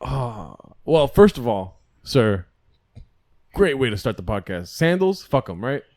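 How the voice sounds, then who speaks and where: An excitable, playful man co-hosting a comedy podcast. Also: medium pitch, a little slow, no room sound. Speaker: podcast co-host. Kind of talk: casual comedic podcast banter.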